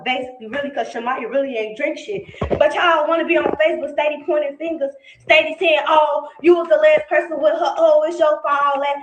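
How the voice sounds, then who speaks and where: Raising her voice, swearing frequently and going over the same points, a woman delivers a defensive, furious rant on a live stream. Her voice is high and fairly bright, with the highs cut off, and the audio is echoey and noisy with clicks in playback.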